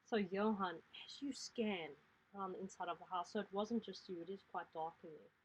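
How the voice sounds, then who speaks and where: A woman's voice: mid-range voice, fairly even intonation, fairly quick, breathy edge, rough recording. A woman narrating as game master in a tabletop game, talking in a rambling way full of fillers.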